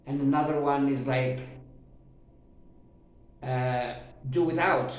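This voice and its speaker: A man teaching a grammar lesson who talks haltingly with many fillers and repeats himself, drawing out his example sentences slowly. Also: mid-range voice, steady tone. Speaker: English teacher. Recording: very echoey room.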